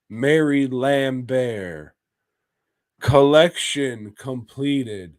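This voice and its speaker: A man's voice: mid-range voice, a little mellow, no echo, studio quality. A man co-hosting a podcast, recapping episodes in a crude, joking way and laughing as he talks. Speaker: podcast co-host. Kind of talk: casual chat recapping a horror anthology.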